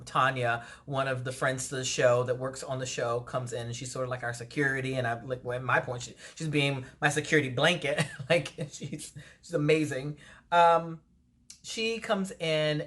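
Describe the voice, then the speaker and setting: A woman entertainer telling a personal story in a casual storytime vlog, animated and laughing often. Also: sits low, normal speed. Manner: animated retelling with frequent laughs.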